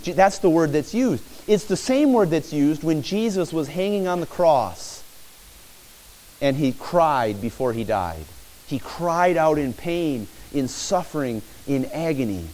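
A man preaching a sermon in a church, animated and acting out pleading cries. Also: a little high, low-quality recording.

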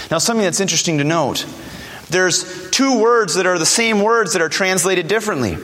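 High-voiced preacher in an echoing hall. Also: male voice, fairly quick, a bit bright. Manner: emphatic, repeats key words, quotes scripture in a lowered voice. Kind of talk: sermon.

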